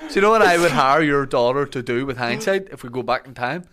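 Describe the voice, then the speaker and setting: A man's voice: mid-range voice, animated, fast talker, very noisy. A man hosting a casual podcast chat, joking and teasing his guest. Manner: joking, teasing, breaks into laughter. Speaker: podcast host.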